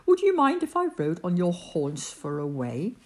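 Lady doing a cheerful little bug guy, breezy, storybook, bouncy pitch. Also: huge pitch swings, normal speed. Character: cheerful freeloading male bug.

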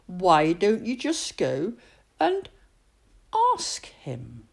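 A woman voicing a sensible, gentle mother in a storybook read-aloud, coaxing her child. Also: lowish voice, huge pitch swings, very slow, creaky, husky, full character voice.

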